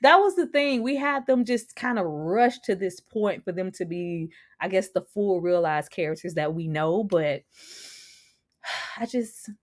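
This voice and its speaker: A woman's voice: medium pitch, lively intonation, a little slow. A young woman hosting a casual TV review livestream, laughing often and greeting viewers by name.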